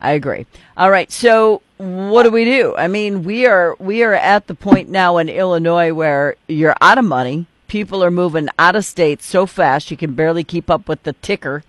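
Talk show host, man, fairly high voice, casual and joking, very dry sound. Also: moderate pace, a bit bright, no room sound. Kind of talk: political talk show interview.

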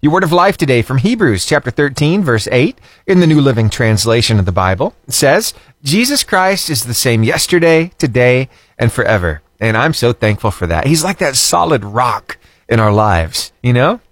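A man's voice: mid-range voice, very animated, moderate pace, no echo. A cheerful man, hosting a radio morning show in upbeat call-in chat, chuckling often. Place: radio studio.

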